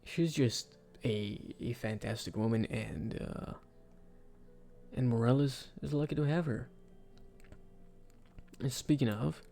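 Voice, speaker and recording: A man giving casual, rambling commentary for a video, with sudden excited outbursts. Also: mid-range voice, takes it slowly, vocal fry, pauses often, faint music behind. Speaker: video creator. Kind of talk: casual commentary ranking game characters.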